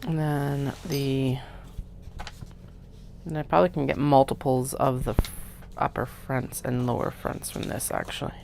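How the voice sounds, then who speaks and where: Low gravelly lady talking to herself in her sewing room, dry jokes. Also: steady tone, unhurried, pauses often, a little mellow, slight background noise. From Canada. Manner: chatty, self-mocking, muttering to herself while cutting fabric. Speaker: craft maker. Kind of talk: casual work-along vlog narration. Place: home sewing studio.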